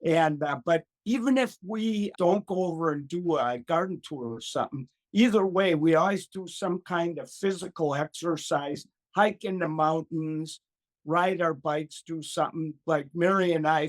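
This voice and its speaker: An older man tells a travel story as an interview guest. He is animated, acts out the other voices and laughs often as he goes. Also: a little high. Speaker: gardening expert guest.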